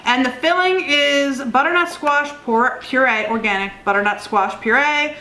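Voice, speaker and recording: A woman's voice: sits high, normal speed, pushed and bright. A woman co-hosting a casual mukbang vlog, chatty and talkative. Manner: chatty, reads out a list at length. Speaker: co-host. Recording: echoey room, some background noise.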